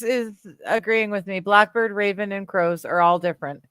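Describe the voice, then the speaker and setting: A woman's voice: medium pitch, moderate pace, few pauses, a bit bright, clean tone, no room sound, clean studio sound. A woman from Canada hosting a casual livestream chat, reading viewer comments aloud, laughing often and trailing off with fillers. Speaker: livestream host.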